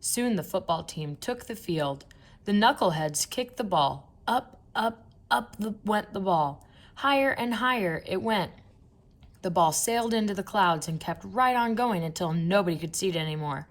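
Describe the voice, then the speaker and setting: A woman's voice: on the low side, normal speed. Playful woman reading a kids' book. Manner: playful, expressive storytelling. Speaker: narrator. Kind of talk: children's audiobook reading.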